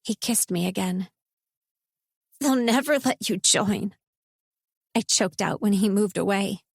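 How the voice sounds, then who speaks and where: A woman narrating a first-person romance audiobook in a measured, intimate reading. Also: mid-range voice, creaky, slightly rough, no echo, clean studio sound.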